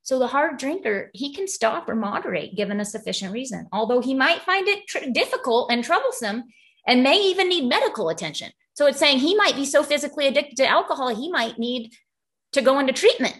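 A woman's voice: high-pitched, lively intonation, fairly quick, a bit bright. A woman speaking casually at a recovery group, explaining a passage and telling stories with lots of asides and laughter. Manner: chatty storytelling, laughs often, many asides.

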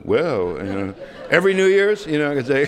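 A man's voice: fairly high pitch, huge pitch swings, moderate pace, noisy background. A man sharing his story at a recovery meeting, rambling and self-deprecating with lots of fillers. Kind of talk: humorous personal storytelling.

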